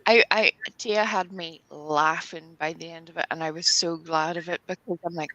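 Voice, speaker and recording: A woman chatting on a casual live stream, animated with playful slang. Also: on the low side, normal speed, few pauses, no room sound, poor audio. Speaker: co-host.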